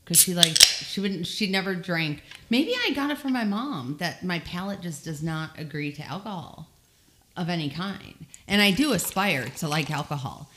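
A woman co-hosting a casual podcast, chatty and quick to laugh. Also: on the low side, lively intonation, a bit bright, slight background noise. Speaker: guest co-host. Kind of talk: casual chat.

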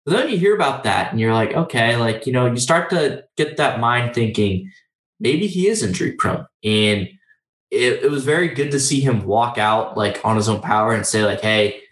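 A man's voice: mid-range voice, normal speed, fairly bright tone. A young man talking in a casual, rambling sports chat, full of fillers and restarts. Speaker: podcast co-host. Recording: roomy echoey recording.

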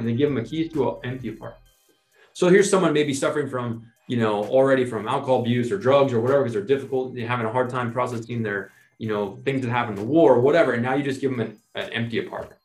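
Animated man in a roomy space. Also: medium pitch, quick pace. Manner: animated, persuasive, often adds "right?". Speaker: podcast co-host. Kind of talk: casual conversational explaining. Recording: roomy sound with faint music.

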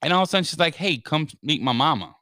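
Talking fast in a slightly high voice, the man comes through with studio quality and no room sound. His casual, funny story is full of swearing, and he animatedly acts out the quotes of everyone involved.

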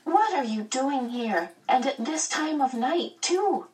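A woman's voice: a little high, lively intonation, normal speed, recorded from a distance, voice pushed up, lightly acted, poor audio. A woman voicing a precocious small boy who talks in an earnest, matter-of-fact way.

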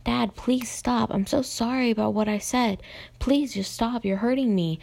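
A woman's voice: on the low side, fairly even intonation, moderate pace, creaky. A young woman voicing a frightened, hurt teenage girl in her storybook reading, who pleads and explains nervously.

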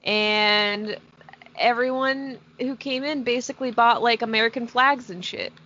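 A young woman in casual podcast chat, talking slowly with a slightly high voice. She tells stories in a loose, laid-back way, swearing and laughing easily. The recording is dull and lo-fi. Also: bright, forceful tone. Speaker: podcast co-host. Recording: dull lo-fi sound.

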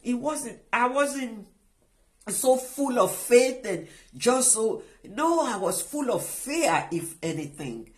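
A middle-aged woman giving an emotional personal testimony, halting and restarting often as she speaks. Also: fairly high pitch, expressive. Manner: halting and emotional, with many restarts and trailing phrases. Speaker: guest sharing a personal testimony.

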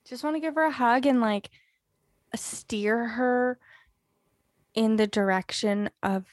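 A woman's voice: fairly high pitch, animated, dry recording, studio quality. A woman co-hosting a podcast, chatting casually about a TV show and laughing often. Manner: slow, drawn-out, giggly talk. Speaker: podcast co-host.

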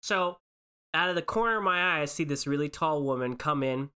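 A woman's voice: sits low, brisk, clear, resonant tone. A woman telling a story in casual chat, acting out the people in it. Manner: animated storytelling with acted-out voices.

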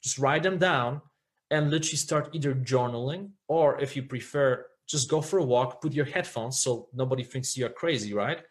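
A man with a mid-range voice talks earnestly and reflectively as a podcast guest. He often checks in with a quick "right?" as he speaks. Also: mid-range voice. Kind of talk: candid podcast conversation.

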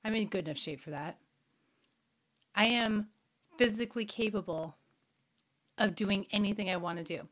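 A middle-aged woman hosting a spirituality show speaks at medium pitch and normal speed, her tone a bit bright, with long pauses. She frankly recounts a personal story, swearing casually and asking her audience questions.

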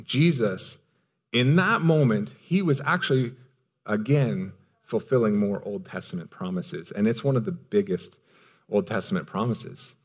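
A man's voice: on the low side, expressive, measured pace, slightly rough. Emphatic, conversational male pastor preaching. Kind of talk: sermon.

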